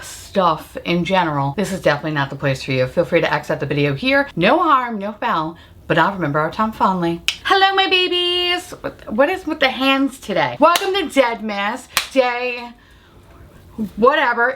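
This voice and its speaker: A woman's voice: mid-range voice, lively intonation, moderate pace, background noise. A woman beauty vlogger chatting casually through a makeup review, bubbly and giggly, swearing freely.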